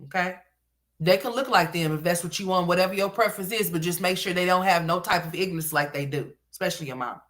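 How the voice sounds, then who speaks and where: A woman's voice: on the low side, fast, fairly bright tone. A woman giving livestream commentary, ranting bluntly with lots of profanity.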